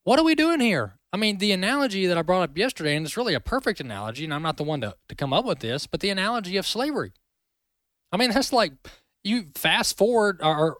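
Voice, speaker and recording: A man's voice: high voice, fairly bright tone, no room sound. A male talk show host giving opinionated commentary in an emphatic, indignant manner.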